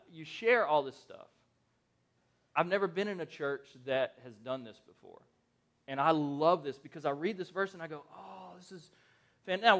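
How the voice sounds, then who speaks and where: A man's voice: sits high, a bit bright. A man in his thirties preaching a conversational sermon, asking the congregation questions and telling stories about his family. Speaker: pastor.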